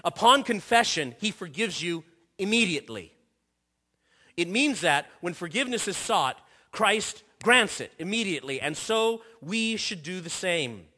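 A man preaching a sermon in earnest, repeating phrases and restarting himself, dropping softer when he quotes. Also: sits high, lively intonation, unhurried. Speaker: pastor.

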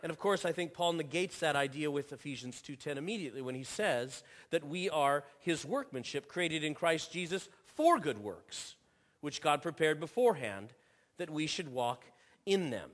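A man's voice: a little high, expressive, normal speed, a bit bright. A man preaching a sermon as pastor, earnest, often repeating and restarting phrases. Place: church sanctuary. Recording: long reverb of a church hall.

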